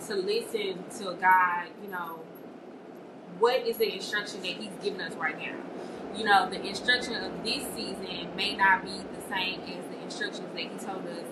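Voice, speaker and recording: A woman's voice: mid-range voice, far from the mic. A woman sharing a candid personal reflection in a chatty way, often saying "you know". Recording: echoey room, off-mic, noisy.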